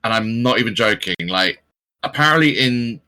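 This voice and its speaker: A man chatting on a podcast in a mid-pitched voice that rises and falls a lot as he talks. He is sarcastic and swears casually, building up his points like a story. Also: expressive, normal speed, bright, forceful tone. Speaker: podcast co-host.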